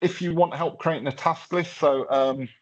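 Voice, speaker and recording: A man's voice: on the high side, steady tone, normal speed. A man presenting a hands-on workshop, talking casually through a live tech demo with lots of fillers and restarts. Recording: slightly dull lo-fi sound.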